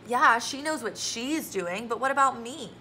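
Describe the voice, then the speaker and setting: A woman voicing an anxious, upset young girl in a storybook reading, her voice high-pitched and whiny with worry. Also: expressive, measured pace, sharp tone, slight background noise, rough recording. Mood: worried.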